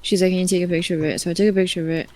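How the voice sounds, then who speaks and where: A woman streamer chatting casually and telling an animated story, swearing freely and acting out other people's lines. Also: lowish voice, rapid-fire.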